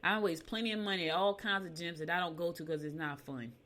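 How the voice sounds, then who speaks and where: A chatty older woman with a slightly low voice hosts a casual talk show from her home studio. She reads horoscopes and wanders off into animated stories, laughing along the way. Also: quick pace. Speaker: radio show host. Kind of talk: casual chat reading horoscopes.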